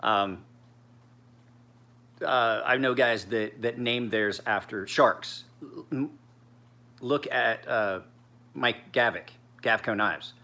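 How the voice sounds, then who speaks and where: A tired man in his forties who rambles in a laid-back, profane way. His voice is bright and sharp, and he speaks as a knife sharpener chatting casually with viewers. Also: medium pitch, slow, long pauses. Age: 40s.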